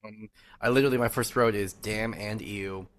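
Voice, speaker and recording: A man co-hosting a podcast, giving low-key, drawling reactions in casual chat. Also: steady tone, normal speed, clean tone. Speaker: podcast co-host.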